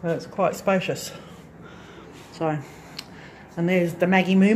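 Her voice is lowish and a little mellow, with fairly even intonation, a slightly slow pace and slight background noise. The craft channel vlogger gives a casual, rambling phone tour of her farm lodge unit, inside and on the back porch, often correcting herself.

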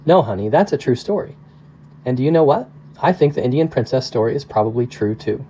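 A man reading aloud, voicing a gentle father who speaks softly and tenderly to his daughters. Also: mid-range voice, animated, brisk, a little hiss or hum, lightly acted, low-quality recording. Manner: soft, tender and reassuring.

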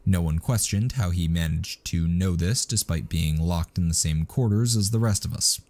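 A man reading a story aloud in a steady, scripted narration. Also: sits low, normal speed.

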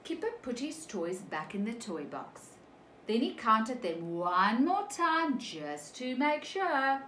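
Animated woman teacher reading a picture book. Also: a little high, echoey room, a little hiss or hum, rough recording. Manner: slow, animated, asks children questions. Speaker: preschool teacher.

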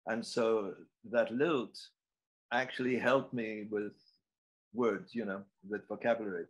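A man's voice: on the low side, steady tone, measured pace, low-quality recording. Musing man asking a question. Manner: hesitant, musing. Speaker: audience member.

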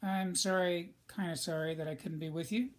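A man's voice: sits high, fairly even intonation, normal speed. A male teacher giving a recorded lesson in a conversational way, speaking straight to his students. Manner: conversational, addresses students directly.

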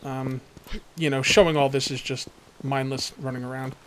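A man's voice: mid-range voice, steady tone, moderate pace, slight background noise. A man hosting a let's play, giving casual, rambling gameplay commentary and talking straight to his viewers.

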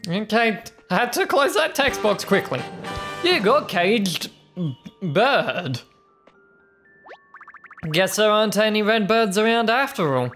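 A woman's voice: mid-range voice, very animated, slow pace, pauses often, music in the background. A young adult woman playing through a video game, chatting playfully and reading the characters' dialogue aloud. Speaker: let's play host. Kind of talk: gameplay commentary.

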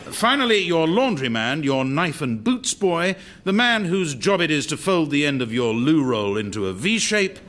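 A man's voice: a little high, very animated, moderate pace, few pauses. An actor playing a grand, formal man presenting a long line of household servants in a radio comedy clip. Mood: grandiose. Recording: noisy played radio clip.

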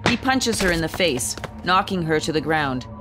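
A woman narrating a screenplay, reading the scene directions in a calm, even way. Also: deep voice, moderate pace, over music.

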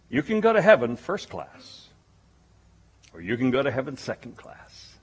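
A man preaching a sermon, storytelling with lively emphasis. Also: medium pitch, moderate pace, husky.

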